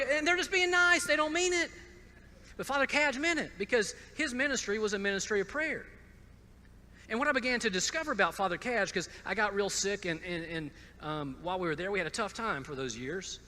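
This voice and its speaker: A man's voice: very high-pitched, animated, fairly quick, pushed and bright, big-room sound, slight background noise. A man from Georgia gives a personal testimony talk, stumbling over repeated words and dropping wry asides. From Georgia, USA. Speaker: speaker at a conference.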